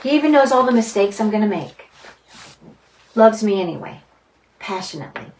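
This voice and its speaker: A woman's voice: mid-range voice, expressive, moderate pace, a little mellow. A woman teaching a Bible study group in a conversational style, earnest and dwelling on single words. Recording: distant mic, faint background noise.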